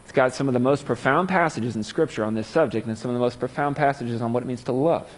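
A man giving a conversational Bible teaching, casual in his asides and animated when he reads scripture aloud. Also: mid-range voice, fast talker, breathy edge. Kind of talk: conversational sermon. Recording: long hall reverb.

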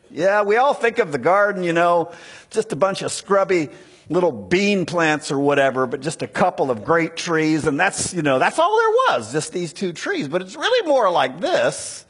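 A man preaching a sermon, teaching slowly through a text and acting out quoted lines. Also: high-pitched, husky. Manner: animated, acts out the serpent's lines in a raised voice.

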